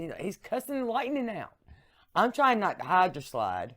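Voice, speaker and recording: A woman co-hosting a podcast, telling stories in a lively, chatty way. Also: lowish voice, normal speed. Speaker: podcast co-host. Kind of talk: casual storytelling chat.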